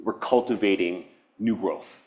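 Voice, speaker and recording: A man from Hawaii with a deep, slightly slow voice and a darkish tone gives a public artist talk in a university event space. He's reflective and earnest, meandering nonlinearly between thoughts with frequent restarts and laughs.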